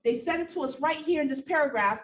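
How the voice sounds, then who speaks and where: A woman with a fairly high voice leads a nursing lecture, animated and a touch breathless, driving points home by repeating them. She is heard from some distance across an echoey room, with faint noise underneath. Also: quick pace. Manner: animated, repetitive emphasis, talks to students directly. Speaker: nursing instructor. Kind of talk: classroom lecture.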